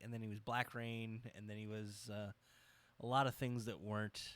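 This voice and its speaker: A man co-hosting a casual podcast chat, animated and profane as he riffs. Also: lowish voice, moderate pace. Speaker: podcast co-host.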